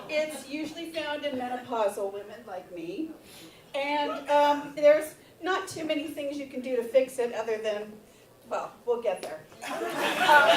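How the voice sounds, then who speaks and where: A high-voiced stand-up comedian, a menopausal woman in her fifties, candidly relates a personal story in a theater, the audience laughing along. Recorded from far off with roomy theater sound, she works up to shouted reenactments.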